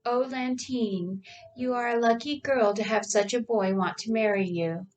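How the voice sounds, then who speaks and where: A woman voicing a doting, pushy older immigrant mother, speaking slowly in a Chinese accent with a drawn-out, mocking manner. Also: a little high, far from the mic, close to an everyday voice. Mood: cooing.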